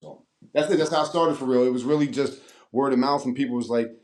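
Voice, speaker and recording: A man in his forties from Annapolis, Maryland, USA, appears as a guest rapper in a casual interview, telling stories in a profane, animated way and acting out the voices of the people he quotes. His voice sits in the mid range and moves at a quick pace.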